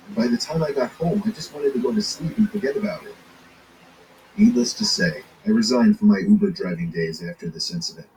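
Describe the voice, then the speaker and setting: A man narrating a first-person scary story in a low, steady storytelling delivery. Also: a little fast, slight background noise, rough recording.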